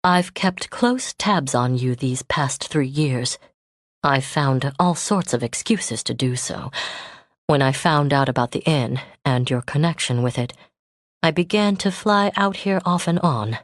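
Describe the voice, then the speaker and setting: A woman voicing a man in a romance audiobook, who pours out a long-held love in a low, strained, earnest tone. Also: lively intonation, measured pace, no room sound, clean studio sound.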